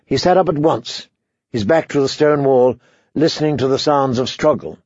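A man narrating a story as an audiobook reader, in a measured, even way. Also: mid-range voice, no echo, highs cut off. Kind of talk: scripted narration.

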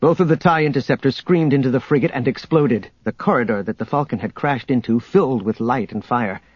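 A man narrating an audiobook in a steady storytelling manner, in a dull, dry recording. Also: mid-range voice, a little fast, husky, no room sound.

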